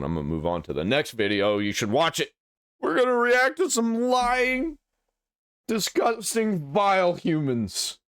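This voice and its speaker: A man's voice: sits low, no room sound. Blunt, opinionated man, dry close sound. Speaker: host reacting to videos. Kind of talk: casual reaction commentary.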